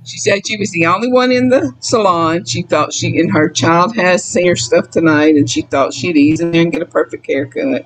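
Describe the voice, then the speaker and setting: A woman's voice: fairly low pitch, normal speed, hardly any pauses, low-quality recording. A middle-aged woman with a Southern US accent, chatting emotionally and folksily while selling items on a live sale. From Mississippi. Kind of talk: casual live sale chat.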